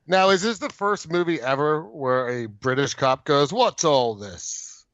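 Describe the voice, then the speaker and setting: A man co-hosting a casual film review podcast over a video call, quick with jokes and laughter. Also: fairly high pitch, animated, a bit bright, dry recording, muffled recording. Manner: laughs often, jokey asides. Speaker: podcast co-host.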